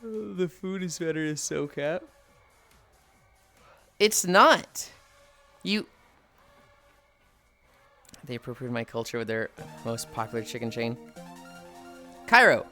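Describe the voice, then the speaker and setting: Animated, bright-voiced streamer ranting casually. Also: mid-range voice, slow pace, pauses often, faint music behind. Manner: swears freely, reads and answers chat; opinionated, playful ranting. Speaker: livestreamer chatting with viewers.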